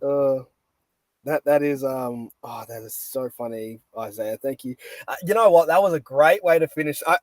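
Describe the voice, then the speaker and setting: A man's voice: mid-range voice, normal speed, no room sound. A man hosting a casual podcast, enthusiastic and laughing readily. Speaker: podcast host. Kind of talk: casual chat.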